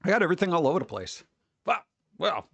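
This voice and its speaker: Chatting with his viewers on a casual livestream, this host is jokey and excitable, with sudden outbursts. He talks fast in a fairly high voice with vocal fry, and the recording is dry and close.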